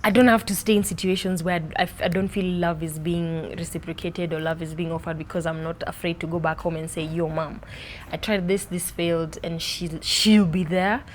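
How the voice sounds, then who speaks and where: Animated woman, fairly low voice. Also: moderate pace, a little hiss or hum. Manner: animated, expressive, playful with accents. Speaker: podcast host being interviewed. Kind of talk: casual interview chat.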